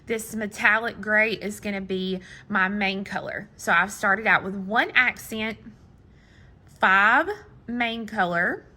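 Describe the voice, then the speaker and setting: A middle-aged woman teaching a hands-on beading tutorial, patient and step by step, sometimes counting beads quietly to herself. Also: mid-range voice. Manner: slow, patient, counting beads under her breath. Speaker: beading instructor.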